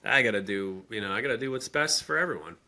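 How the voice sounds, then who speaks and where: A man's voice: fairly low pitch, lively intonation, fast, bright, forceful tone. A man co-hosting a casual podcast, joking and laughing often. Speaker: podcast co-host. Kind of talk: casual chat.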